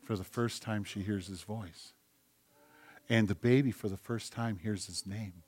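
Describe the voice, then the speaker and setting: A male pastor preaching a sermon, moving between loud, emphatic repetition and soft, intimate storytelling. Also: on the low side, fairly even intonation, a little slow, breathy edge, no room sound. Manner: conversational, tells anecdotes with acted-out quotes.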